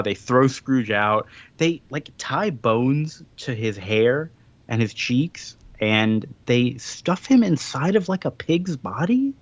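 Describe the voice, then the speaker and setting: A man co-hosting a casual podcast, retelling a comic story with quick put-on voices for the characters. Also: mid-range voice, lively intonation, dry recording, muffled recording. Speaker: podcast co-host. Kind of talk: casual chat recapping a comic.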